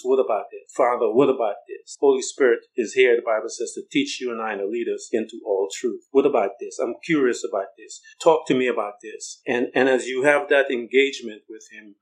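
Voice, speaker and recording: A man's voice: mid-range voice, rough recording. A middle-aged man preaching an informal sermon, telling stories in a rambling way, repeating words and acting out the voices of people he quotes.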